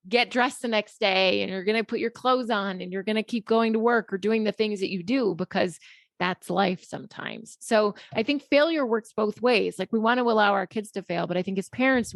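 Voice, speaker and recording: A middle-aged woman, a psychologist guest, telling a personal story candidly in a relaxed interview. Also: mid-range voice, vocal fry, dry recording, studio quality. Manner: candid, conversational, many fillers.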